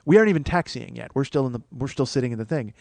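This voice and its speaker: A man's voice: medium pitch, animated, rapid-fire, gravelly, a little mellow, dry recording. A man in his forties hosting a comedy podcast, telling a profane story and acting out the other people's voices. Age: 40s.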